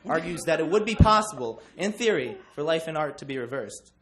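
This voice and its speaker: A man's voice: on the high side, animated, fairly quick, a bit bright. A young man giving a class book presentation, joking with many ums. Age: young adult. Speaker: student presenter.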